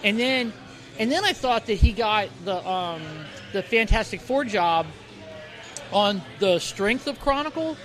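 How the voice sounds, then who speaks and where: A man's voice: sits high, animated, a little slow, a bit bright, faint music behind. A man co-hosting a casual podcast, rambling with lots of fillers and restarts, recorded in the corner of a bar. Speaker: podcast co-host. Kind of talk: casual chat.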